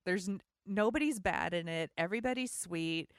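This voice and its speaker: Lowish, dry-voiced woman chatting casually. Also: moderate pace, clear, resonant tone, dry recording. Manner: chatty, laughs often. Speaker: podcast co-host. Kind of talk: casual chat.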